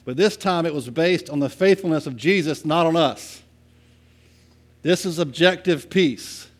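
Conversational preacher, man with raised pitch. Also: a little slow. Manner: conversational, asks "right?" often, swings from soft to loud. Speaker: pastor. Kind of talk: sermon.

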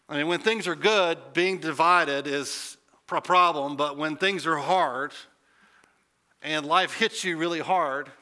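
A man's voice: a little high, pushed and bright. A man preaching a conversational sermon as a pastor, swelling into emphatic peaks.

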